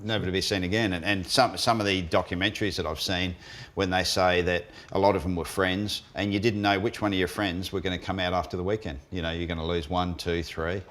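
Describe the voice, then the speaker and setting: A man with an Australian accent co-hosting a motorsport show, talking in a relaxed, rambling way with frequent restarts. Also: low voice, fairly quick. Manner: laid-back, restarts often, excitable behind the wheel. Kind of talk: casual chat and in-car commentary.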